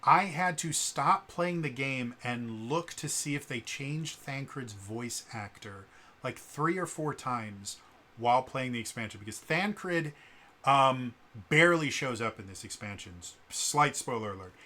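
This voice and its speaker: A man's voice: medium pitch, lively intonation, a little slow, pushed and bright. A man giving blunt, rambling spoken commentary for his gaming vlog, full of um and uh fillers. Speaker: gaming vlogger.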